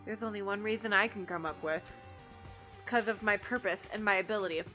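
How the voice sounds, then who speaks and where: Woman reading as a cool, calm teen girl detective. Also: mid-range voice, soft background music, close to an everyday voice. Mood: measured. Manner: cool, measured explaining. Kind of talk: reading game dialogue aloud.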